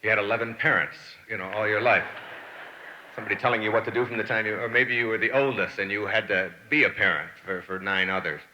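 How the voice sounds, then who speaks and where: A man's voice: on the low side, quick pace, highs cut off. A middle-aged man giving a motivational lecture, telling anecdotes and acting out the people he quotes. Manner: animated storyteller, acts out quoted people. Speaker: motivational speaker.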